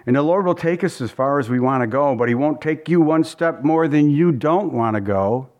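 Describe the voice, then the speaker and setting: A man's voice: a little high, moderate pace, darkish tone, dull audio. A man preaching as a pastor, teaching verse by verse in a folksy, conversational way and often repeating his phrases.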